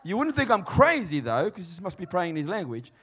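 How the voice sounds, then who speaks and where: A man preaching a sermon in a conversational, emphatic way, swinging between quiet and loud. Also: high voice, huge pitch swings, fast talker, breathy edge. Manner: conversational, emphatic, varied dynamics.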